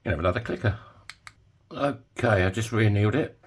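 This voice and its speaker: A man's voice: lowish voice, brisk, slight background noise. A man giving a casual DIY tutorial in his home workshop, chatty and jokey with self-mocking asides. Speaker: coin ring maker.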